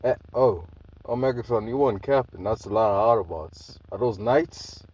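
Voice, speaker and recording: A man's voice: fairly low pitch, moderate pace, darkish tone, recorded from a distance, muffled recording, lightly acted. A man voicing a giant male robot monster who stammers in confusion. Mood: baffled. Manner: stammering, baffled.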